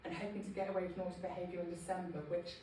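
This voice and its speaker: A woman's voice: on the low side, flat delivery, racing, warm tone, slight background noise. A woman from Scotland giving a humorous, informal talk to a small group, laughing at herself often. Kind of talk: chatty informal presentation. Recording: echoey room, voice from a distance.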